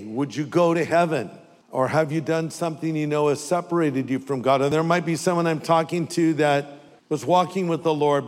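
Older male preacher, slightly high voice, conversational sermon, long church reverb. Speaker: pastor.

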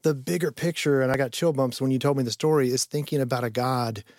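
Male producer on air, mid-pitch, thoughtful and reflective, dry studio sound. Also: fairly even intonation, quick pace, a little mellow, dry recording. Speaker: producer, guest. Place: radio studio.

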